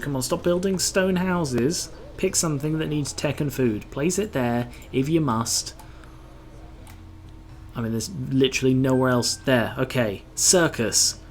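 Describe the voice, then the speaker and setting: A man talks his way through a game in a mid-range voice, muttering complaints and dropping casual swears as he plays. It is loose, self-directed commentary. A faint hiss of background noise sits under the voice. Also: mid-range voice. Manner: grumbling, sweary, muttering to himself. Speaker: gameplay commentator.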